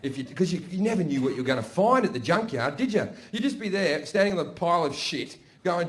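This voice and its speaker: A man's voice: a little high, animated, fast talker, hardly any pauses. A middle-aged man doing a stand-up routine, profane and conversational, often asking "right?". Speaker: stand-up comedian.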